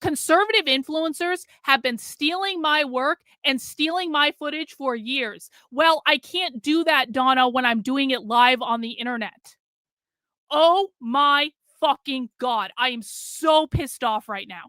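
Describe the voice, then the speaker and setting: A woman's voice: high-pitched, unhurried, hardly any pauses, bright, forceful tone, no echo, studio quality. A middle-aged woman on a live stream, ranting in fury, swearing and repeating herself. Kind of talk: angry live stream rant.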